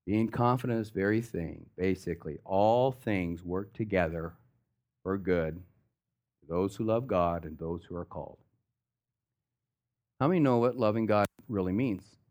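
A man's voice: sits low, normal speed, pauses often, darkish tone. A pastor preaching a sermon, talking casually and with slang, acting out the stories he tells.

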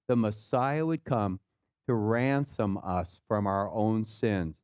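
A man preaching a sermon, swinging between rising rhetorical questions and low, quiet asides. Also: slow pace, clear, resonant tone, dry recording, clean studio sound. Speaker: pastor.

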